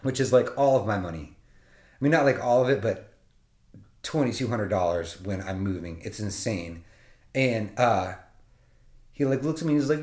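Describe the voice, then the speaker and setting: A man's voice: fairly low pitch, expressive, moderate pace, pauses often, a little mellow. A man telling a personal story in a casual, comedic way, swearing freely and laughing between lines. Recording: roomy echo.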